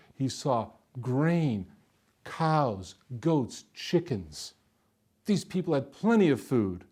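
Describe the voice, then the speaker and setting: A man telling a folktale in an animated, expressive way, slowing down for effect. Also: a little high. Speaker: storyteller. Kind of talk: folktale storytelling performance.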